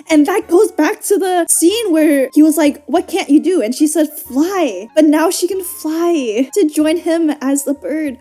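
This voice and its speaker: A young woman chats her way through a movie reaction, laughing a lot, swearing freely and calling out to the characters. Her voice is high but mellow in tone, with faint music underneath. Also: lively intonation, unhurried. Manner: chatty, laughs often, swears, talks to the characters. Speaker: reaction video host. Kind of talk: casual movie reaction commentary.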